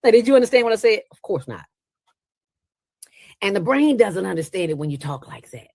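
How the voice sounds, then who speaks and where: A woman as an interview guest, talking in a playful, preachy way with sudden jumps in pitch. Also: big pitch swings, fairly quick, creaky, darkish tone, no echo. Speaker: interview guest, nonprofit founder. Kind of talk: casual interview talk.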